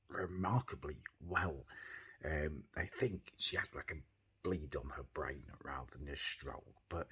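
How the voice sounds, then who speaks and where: A young man vlogging casually. He talks quietly at first, then rants in an exasperated, sarcastic way. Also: a bass voice, breathy edge. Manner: quiet, subdued at the start. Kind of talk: casual vlog rant.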